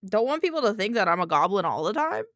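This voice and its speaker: A woman streamer chatting casually and excitably on a live stream, often answering her chat, into a desk microphone. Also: medium pitch, fast talker, no echo, clean studio sound.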